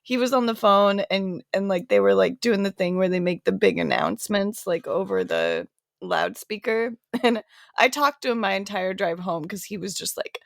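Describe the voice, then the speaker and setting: A woman's voice: mid-range voice, expressive, moderate pace, creaky, dry recording, clean studio sound. A woman hosting a podcast in casual chat, talking loosely, laughing often and swearing freely. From California. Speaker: podcast host.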